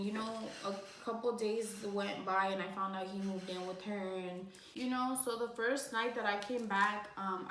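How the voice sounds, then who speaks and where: A woman's voice: mid-range voice, fairly bright tone, a little hiss or hum. Young woman telling a tearful story in an echoey room. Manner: rambling, heavy use of "like"; emotional, tearing up at times. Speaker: vlogger. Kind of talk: casual storytime vlog.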